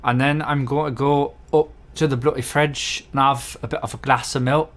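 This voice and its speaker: A man's voice: medium pitch, steady tone, moderate pace, fairly bright tone. A man demonstrating and repeating phrases in a tutorial video.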